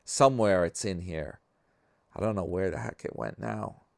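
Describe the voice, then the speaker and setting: A man's voice: deep voice, lively intonation, moderate pace, gravelly, dry recording. A man hosting a vlog in casual chat, reading viewer comments aloud with a wry, chatty manner.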